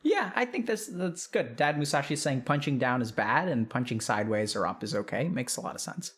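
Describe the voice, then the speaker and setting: A man's voice: medium pitch, sing-song, a little fast, fairly bright tone. A middle-aged man, a doctor, chatting casually on a live stream, thinking aloud and reading out chat with frequent restarts.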